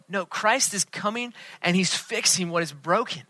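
Earnest male pastor, bright dry voice. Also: sits high, a little fast, few pauses, dry recording. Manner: earnest, dropping to a hush for emphasis. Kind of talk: sermon.

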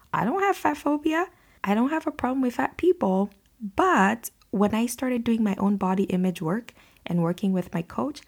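A woman hosts a solo podcast with a slightly low, husky voice. She talks in an earnest, conversational way, reassuring her listeners as she goes. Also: darkish tone. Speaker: podcast host.

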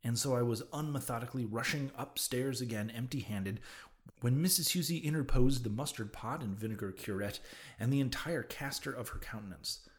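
A man reads a classic novel aloud in the first person, measured and dramatic. His voice sits at an ordinary middle pitch for a man. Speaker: audiobook narrator. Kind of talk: scripted novel narration.

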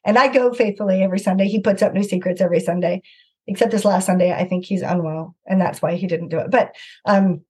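A middle-aged woman guest recounting a personal story with earnest animation, often slipping into the voices of the people involved. Her voice has a slightly husky, breathy edge. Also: medium pitch, fast talker. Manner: earnest, animated anecdote-telling with acted-out quotes. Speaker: author and guest. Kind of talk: conversational storytelling.

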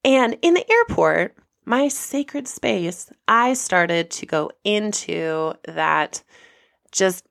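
A woman hosting a podcast, telling a personal story in a lively way and acting out the people she quotes. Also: slow, creaky, no room sound, studio quality. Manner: animated, acts out quoted people with big pitch jumps. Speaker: podcast host.

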